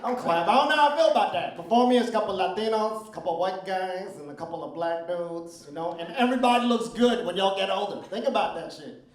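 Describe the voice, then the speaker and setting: A man's voice: sits high, quick pace, distant mic, a little hiss or hum. A middle-aged man performing a stand-up comedy set on a club stage, talking in a brash, crude, conversational way and working the crowd. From Philippines heritage. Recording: roomy club sound, crowd laughter.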